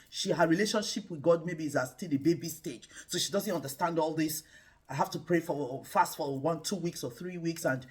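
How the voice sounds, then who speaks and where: A woman's voice: deep voice, darkish tone, husky. A woman hosting a show, giving faith-based relationship advice in a preacher-like way and calling viewers guys. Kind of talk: preaching-style relationship talk.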